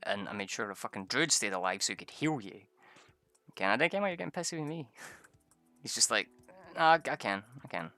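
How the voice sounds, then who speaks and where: A man's voice: mid-range voice, sing-song, fairly quick, pauses often, bright, forceful tone, dry recording, soft background music. A man telling a rambling story about a tabletop game session, swearing often and laughing a lot. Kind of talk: casual storytelling.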